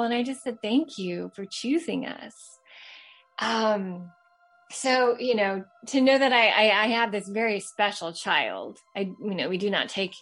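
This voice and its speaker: A woman in her thirties from Los Angeles tells a personal story over the phone-in. She talks casually and rambles, with many fillers and restarts. Her voice sits at an ordinary mid pitch. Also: a little slow. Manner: chatty, many fillers and restarts, laughs while telling. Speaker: caller telling a true ghost story.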